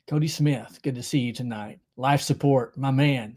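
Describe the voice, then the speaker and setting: A man's voice: mid-range voice, normal speed, hardly any pauses, a little mellow, slightly rough, faint music behind. A man hosting a casual livestream from home, joking around in a chummy way and reading out viewer comments. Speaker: livestream host.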